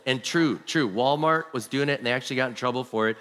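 In a large hall, a male pastor with a mid-range, slightly bright voice preaches quickly with hardly any pauses. His sermon is built on storytelling, and he acts out the people he quotes.

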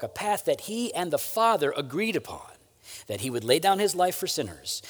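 A male pastor preaches in a relaxed, conversational way, often asking "right?" His voice sits high and swings widely in pitch. The sound carries a long reverb, as in a church hall. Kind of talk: sermon.

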